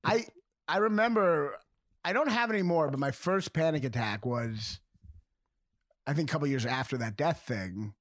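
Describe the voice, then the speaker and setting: A man's voice: a little high, expressive, moderate pace, a bit bright, no room sound, studio quality. A man co-hosting a podcast in casual chat who laughs often while telling stories. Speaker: podcast co-host.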